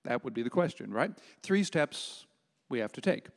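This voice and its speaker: An older man preaching a sermon as pastor, emphatic and slowing down to stress key words. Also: medium pitch, expressive. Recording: long hall reverb.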